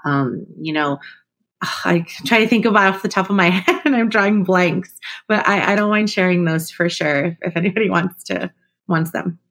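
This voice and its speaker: A woman's voice: on the low side, normal speed, fairly bright tone. A woman teacher speaking casually and a little hesitantly in a panel discussion.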